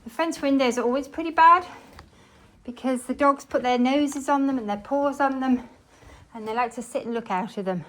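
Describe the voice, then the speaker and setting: Recording on a chest-mounted phone inside her home, this woman cleans while chatting to the camera, self-mocking and thinking out loud. She's slightly out of breath, with a high-pitched voice at a moderate pace.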